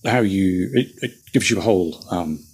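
A man co-hosting a casual chat, hesitant with many pauses and restarts. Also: deep voice, lively intonation, a little mellow, slightly rough. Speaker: podcast co-host.

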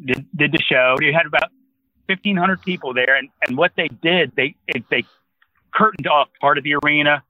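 A man's voice: mid-range voice, no room sound, muffled recording. A man in his sixties from New Jersey, a guest telling a long rambling anecdote in casual conversation. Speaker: interview guest. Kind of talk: casual storytelling.

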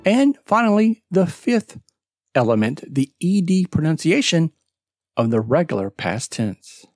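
Slow, animated podcast pronunciation teacher. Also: mid-range voice, no room sound, studio quality, soft background music. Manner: slow, deliberate explaining with emphatic word stress; spells out web addresses letter by letter. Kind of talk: podcast lesson.

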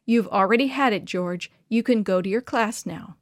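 A woman voicing a calm, kindly camp pastor who speaks gently. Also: mid-range voice, normal speed, no echo, clean studio sound, close to an everyday voice.

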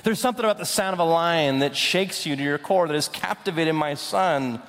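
A young man delivers a sermon with a slightly high voice, rising into loud declarations and then dropping to slow, hushed intensity. His voice rings out with a long reverb, as in a large hall. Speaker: pastor.

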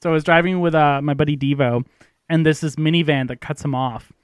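A man's voice: on the high side, steady tone, a little fast, clean tone, no echo, clean studio sound. A man chatting casually, telling a story with lots of hesitations. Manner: hesitant storyteller with many uhs. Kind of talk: casual chat.

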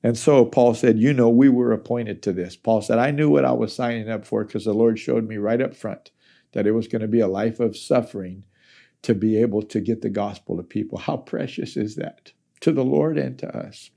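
A man's voice: lowish voice, moderate pace, gravelly, warm tone. A male pastor teaching through a Bible chapter in a conversational sermon style.

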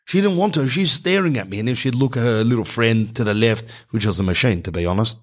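A middle-aged man, telling a comic story in an exasperated, animated rant and calling the viewer "bro". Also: medium pitch, fast talker. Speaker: vlogger.

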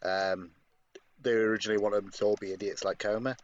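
Low-voiced man, dull lo-fi mic. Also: flat delivery, fairly quick. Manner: hesitant, many ums and restarts. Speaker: podcast co-host. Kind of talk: casual podcast chat. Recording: dull lo-fi mic with faint noise.

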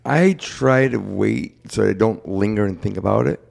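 Low gravelly-voiced young man, candid. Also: normal speed, a little mellow. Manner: candid, plain-spoken, quotes others in his retelling. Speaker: guest sharing his cancer story. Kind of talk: casual interview talk.

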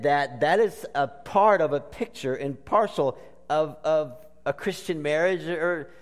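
A man's voice: a little high, big-room sound. A man preaching a sermon with earnest, emphatic phrasing and stretched words. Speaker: pastor.

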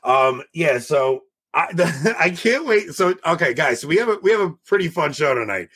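A male host chatting on a live stream over a video call. His voice sits a little high and husky. He swings up and down in pitch as he rambles and jokes through his restarts. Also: expressive, moderate pace, fairly bright tone. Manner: rambling, joking, full of restarts. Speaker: show host. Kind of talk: casual live-stream chat.

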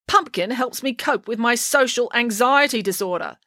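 A woman's voice: fairly high pitch, moderate pace, pushed and bright, no room sound, clean studio sound, pitched above the performer's own voice. A woman voicing a defiant, rude schoolgirl who talks back sharply.

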